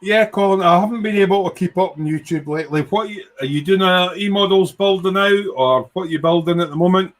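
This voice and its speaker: A man's voice: high voice, a little fast, hardly any pauses. A man hosting a casual live stream, rambling cheerfully, swearing freely and reading out viewer comments.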